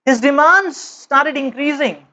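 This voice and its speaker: A man giving a spiritual lecture as teacher, telling a parable with slow, emphatic, measured phrasing, on a dull lo-fi recording. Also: very high voice, pushed and bright.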